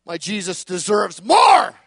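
High-voiced shouting male preacher. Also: very animated, unhurried, vocal fry, slightly rough, no room sound. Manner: shouting, emphatic, building litanies; repeats words when starting a phrase. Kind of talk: fiery sermon.

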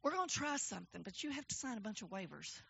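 A woman preaching who quotes a calm, blunt male hospital doctor in a low, quiet, matter-of-fact voice. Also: fast, vocal fry, dull audio, a little hiss or hum, heavily acted.

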